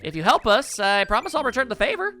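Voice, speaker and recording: A man voicing a spunky, quick-tempered young female bomb creature from a video game, pitching his voice up high. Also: very animated, sharp tone, soft background music, full character voice. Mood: chatty.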